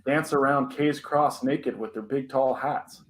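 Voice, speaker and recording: A man's voice: medium pitch, measured pace, close to an everyday voice. A man voicing a childhood friend in a spoken story, eager and matter-of-fact. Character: young boy, a childhood friend.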